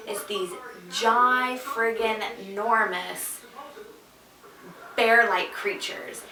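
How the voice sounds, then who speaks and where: A woman's voice: mid-range voice, bright, forceful tone. A woman vlogger casually telling a story, chatty, with many fillers and asides. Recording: echoey room, mic at a distance.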